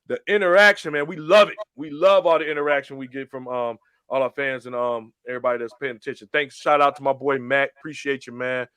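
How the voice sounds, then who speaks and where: A man hosts a casual talk show and tells stories with lively energy, acting out voices along the way. His voice is bright and sits a little high for a man. The recording is dry and close. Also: clear, resonant tone, no echo. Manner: animated storytelling, acts out phone menus. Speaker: show host. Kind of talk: casual podcast chat.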